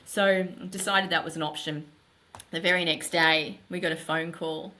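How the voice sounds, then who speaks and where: A middle-aged woman, a podcast guest, telling her story in a candid, animated and emphatic way. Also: deep voice, normal speed. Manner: animated, emphatic, runs thoughts together.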